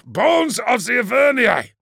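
Brief: a man playing a tense warrior in battle, raised pitch, dry close read. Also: very animated, measured pace, creaky, sharp tone, dry recording, exaggerated voice. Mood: alarmed. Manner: alarmed, exclaiming. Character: tense male warrior aboard a warship.

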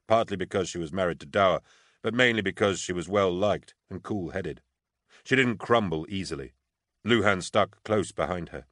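A man narrating a novel in a measured, even storytelling voice. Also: low voice, no room sound, clean studio sound. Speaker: audiobook narrator. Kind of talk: scripted narration.

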